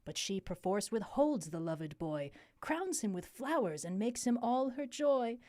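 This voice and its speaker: A woman voicing a mischievous male sprite in a low, quiet, conspiratorial tone. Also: very animated, unhurried, dry recording, studio quality. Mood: sly.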